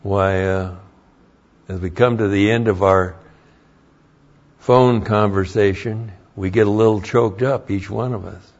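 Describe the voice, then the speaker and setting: Older man, pastor, sermon, low voice, unhurried, folksy then emphatic, muffled lo-fi recording. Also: steady tone, darkish tone. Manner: folksy storytelling that rises into emphatic preaching.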